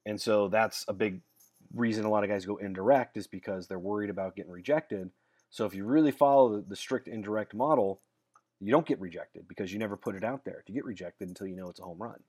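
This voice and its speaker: A man with a slightly low voice talks casually to his viewers as a dating coach. He tells stories in a loose, rambling way and often repeats words as he restarts a sentence. His manner is blunt and straight-talking. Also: fast talker, darkish tone. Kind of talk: casual monologue to camera.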